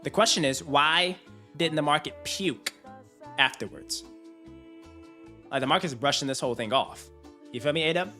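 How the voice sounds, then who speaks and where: A man's voice: on the high side, normal speed, pauses often, pushed and bright, faint music behind. A man hosting a casual live stream, hyped and slangy, talking to his chat. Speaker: finance streamer.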